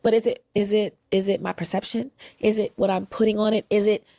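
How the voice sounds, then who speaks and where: A woman making an emotional confession on a talk show, tearful, halting and raw. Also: medium pitch, little pitch movement, mellow, no room sound, studio quality.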